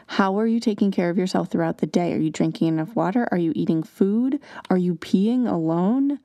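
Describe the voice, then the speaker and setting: Gravelly, mellow-voiced woman podcast host. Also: mid-range voice, no room sound, clean studio sound. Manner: earnest, conversational, acts out children's lines. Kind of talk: parenting advice podcast.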